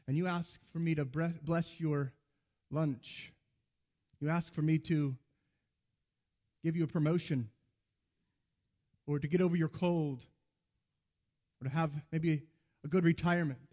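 A man with a high voice preaches a sermon and tells stories casually, slipping into the voices of the people in them. The sound carries the long reverb of a church sanctuary. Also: fairly even intonation, unhurried, long pauses, a little mellow. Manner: conversational storytelling, acts out dialogue.

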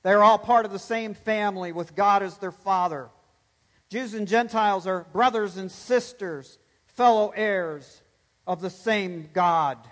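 A man's voice: high voice, normal speed, a bit bright, long reverb tail. A pastor preaching a sermon, emphatic, swelling and dropping his voice to stress points.

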